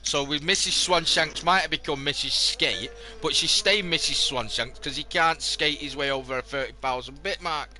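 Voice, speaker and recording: A man's voice: on the high side, normal speed, hardly any pauses, bright, forceful tone. A man giving live casual race commentary, teasing and swearing in banter.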